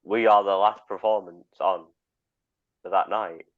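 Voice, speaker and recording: A teenage band member speaks bluntly and swears casually. His voice sits low, and the recording is dull and muffled. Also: steady tone, measured pace. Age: teens.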